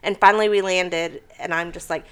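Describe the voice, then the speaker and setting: This young woman co-hosts a casual podcast, reading odd news stories, telling them animatedly and swearing freely. Her voice sits lowish and is clean and fairly bright, with fairly even intonation and a slightly fast pace.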